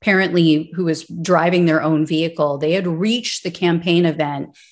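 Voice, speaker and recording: A woman's voice: lowish voice, normal speed. A woman commenting on political news, reading out court records and breaking into sarcastic, indignant asides.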